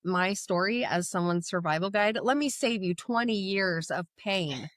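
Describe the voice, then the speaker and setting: A woman's voice: medium pitch, normal speed, dry recording, studio quality. A woman hosting a faith podcast, asking questions and chiming in with short affirmations. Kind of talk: faith-based conversational interview.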